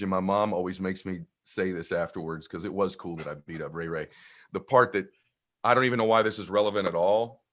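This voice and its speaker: A man telling a personal story in an energetic, conversational way as a podcast guest. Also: fairly low pitch. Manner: energetic, conversational, acts out voices. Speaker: guest speaker.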